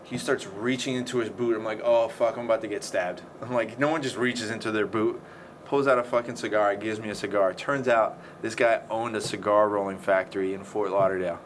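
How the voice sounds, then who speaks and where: A man's voice: on the low side, steady tone, fairly quick. A man telling a story in casual chat, swearing often and acting out the scenes. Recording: faint background noise.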